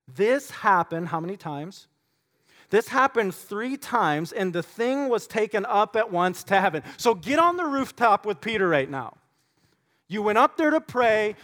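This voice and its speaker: A man preaching a sermon, reading scripture and retelling it with animated, acted-out storytelling. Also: sits high. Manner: animated storytelling, acting out voices. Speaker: pastor.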